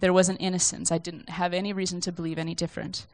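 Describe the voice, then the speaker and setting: Brief: young woman, lowish voice, dry close sound, gentle conversational sermon read from notes. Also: little pitch movement, fast talker, dry recording. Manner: conversational, self-deprecating, reflective. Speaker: speaker sharing a church message.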